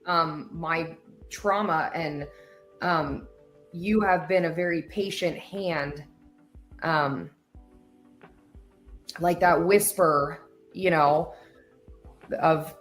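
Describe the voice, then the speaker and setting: Woman host, low-ish pitch, unhurried and heartfelt, faint music under her. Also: a bit bright. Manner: emotional, earnest, many fillers and trailing pauses. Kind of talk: heartfelt casual talk show chat.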